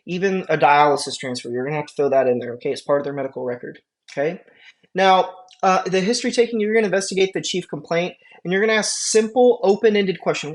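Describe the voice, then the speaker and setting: Young guy teaching an emt class, kinda high voice, keeps asking the room okay? right?. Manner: animated, asks the class rhetorical questions and checks in with okay. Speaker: EMT instructor. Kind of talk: classroom lecture.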